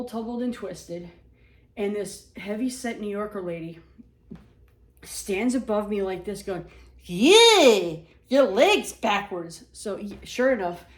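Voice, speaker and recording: Animated self-mocking woman storyteller. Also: mid-range voice, distant mic. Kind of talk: casual storytelling. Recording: echoey room.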